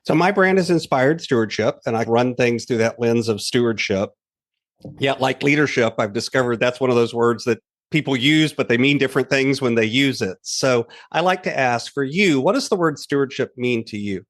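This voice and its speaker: A man hosts a podcast interview in a relaxed, conversational way. He tells little anecdotes to make his points. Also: mid-range voice, moderate pace. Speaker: podcast host. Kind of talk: casual interview chat.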